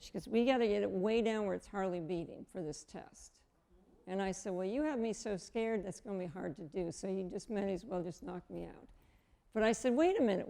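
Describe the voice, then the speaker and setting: Woman in her 50s, guest, gravelly mellow voice, animated storyteller who acts out the dialogue. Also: medium pitch. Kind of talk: personal testimony storytelling.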